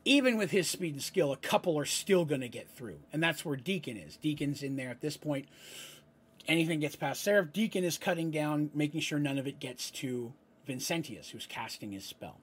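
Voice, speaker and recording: A man's voice: on the high side, lively intonation, normal speed, slightly rough. A man acting as game master, narrating a tabletop fantasy battle with explanatory asides and frequent checks of "right?".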